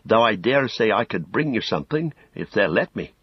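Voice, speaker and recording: A fretful, eager young hobbit speaks high and quick, voiced by a man narrating a storybook. Underneath there's a husky, dry tone. The sound is dull and lo-fi. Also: dry recording, full character voice. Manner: high, excitable.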